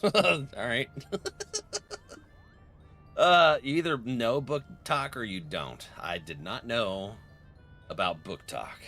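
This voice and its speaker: A young man casually chatting on a live game stream into a close microphone, excitable and jokey, laughing often and reading chat aloud. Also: medium pitch, slow, long pauses, faint music behind. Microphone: close desk microphone.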